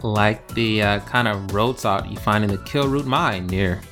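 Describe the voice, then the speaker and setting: A man with a somewhat low voice co-hosts a casual comedy podcast. He delivers dry jokes and meandering bits of trivia in a relaxed, offhand way. Faint music plays softly behind him. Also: unhurried. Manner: dry, rambling trivia humor. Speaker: podcast co-host.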